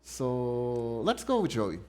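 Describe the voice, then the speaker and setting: Slow-talking young man streaming a game. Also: medium pitch, big pitch swings, mellow. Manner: slow, musing, reads game text aloud. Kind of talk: casual game commentary. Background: faint game music.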